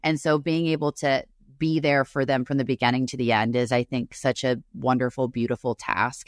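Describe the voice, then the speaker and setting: A woman's voice: rumbling low, flat delivery, normal speed, few pauses, no room sound, studio quality. A woman co-hosting a podcast remotely, comforting her friend in a rambling, tearful way. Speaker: podcast co-host. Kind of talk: casual chat. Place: separate room, remote recording.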